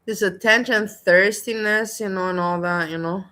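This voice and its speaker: A woman chatting casually with a bright, sharp voice. She gossips with open scorn and complains about people she finds annoying. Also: medium pitch, normal speed. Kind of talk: casual chat.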